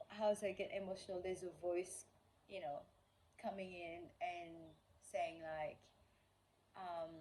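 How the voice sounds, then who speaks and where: A woman's voice: lowish voice, mellow, a little hiss or hum, rough recording. A woman vlogger casually telling a personal story, rambling with lots of fillers and acting out the quoted dialogue. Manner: rambling, heavy on fillers like "like" and "you know".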